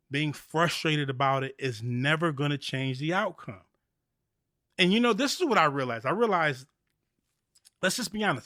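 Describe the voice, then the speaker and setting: A man hosting a motivational faith talk podcast, talking in an animated, preachy way and repeating key phrases. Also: fairly high pitch, no room sound, studio quality. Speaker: podcast host.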